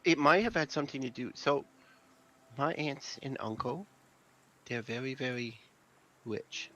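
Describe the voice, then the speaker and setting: Soft-spoken man playing a tabletop character. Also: mid-range voice, a little slow, lo-fi sound. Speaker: player. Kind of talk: in-character tabletop role-play.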